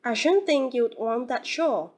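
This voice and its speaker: Frank, chatty young woman in an audiobook, voiced by a female reader, pitched up high. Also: a little slow. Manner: lively, raised bright pitch.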